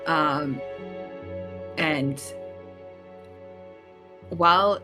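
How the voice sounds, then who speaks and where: A woman playing a tabletop game, with a low voice and an unhurried, drawn-out delivery full of fillers. Clear music plays behind her throughout. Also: bright, forceful tone. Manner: hesitant, drawn-out, with many fillers. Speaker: player.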